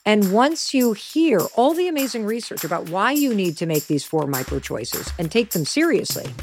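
Animated woman hosting a motivational podcast. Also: medium pitch, moderate pace, soft background music. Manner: emphatic, animated storytelling with stressed key words. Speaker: podcast host.

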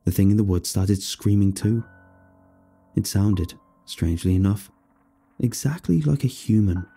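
Gravelly dark-voiced man narrating horror. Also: fairly low pitch, a little slow, faint music behind. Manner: steady first-person storytelling. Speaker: storyteller.

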